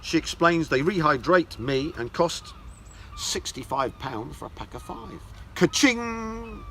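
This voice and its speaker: Sarcastic man, lively and bright. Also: medium pitch, a little hiss or hum. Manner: sarcastic, scornful asides. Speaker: esoteric teacher. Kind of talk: mocking lecture, reading articles aloud.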